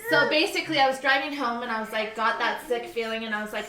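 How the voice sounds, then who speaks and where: A woman's voice: fairly high pitch, fast talker, pushed and bright, echoey room. A young woman co-hosting a podcast, telling a chatty personal story and laughing as she goes. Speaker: podcast co-host. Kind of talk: casual chat, storytelling.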